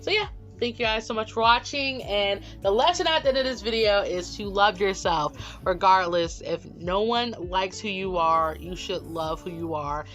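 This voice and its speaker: A woman's voice: mid-range voice, moderate pace, few pauses, a bit bright. A young woman casually talking about her original character in a vlog, rambling with lots of ums. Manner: rambling, many ums, gets emotional. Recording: dull lo-fi audio with faint music.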